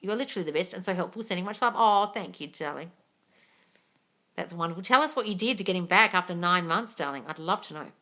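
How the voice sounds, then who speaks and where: Fast and animated, her lowish voice sounds pushed and bright. She hosts a manifesting Q&A livestream, answering comments bluntly with plenty of cursing and calling all her viewers darling.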